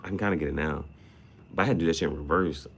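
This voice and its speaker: Talking at a racing pace with vocal fry, a man rambles through a slangy, profane vlog monologue that hops between topics. He laughs often and his voice shoots high on sudden outbursts, and the recording is very noisy.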